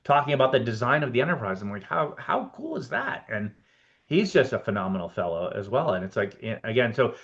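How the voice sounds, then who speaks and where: A man, a production designer guest on a podcast, telling animated anecdotes and acting out both sides of his conversations. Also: lowish voice, fast talker, muffled recording. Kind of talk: casual storytelling interview.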